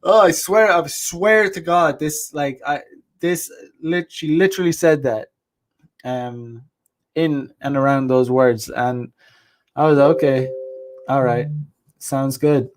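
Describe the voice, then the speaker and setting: A man's voice: fairly high pitch, slow pace, pauses often. Blunt, rambling man hosting a live chat. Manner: rambling and blunt, with frequent restarts and crude slang. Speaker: host. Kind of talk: casual livestream chat, reading viewer comments.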